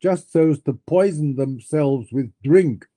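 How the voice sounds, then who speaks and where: A man's voice: a little high, a little slow, dark tone, close to an everyday voice. A man voicing a blunt, dismissive young nihilist in a dramatic reading of a novel, with a curt, scornful delivery.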